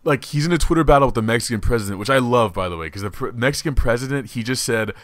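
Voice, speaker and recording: A man hosting a comedy podcast, chatting casually in an animated, swearing, rambling way. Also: mid-range voice, rapid-fire, dry recording. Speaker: podcast host.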